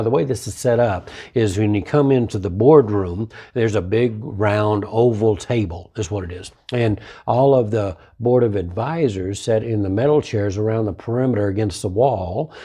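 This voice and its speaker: A man's voice: fairly low pitch, mellow, husky. A man hosting a motivational talk and telling folksy, conversational stories about his martial arts business, repeating his key phrases.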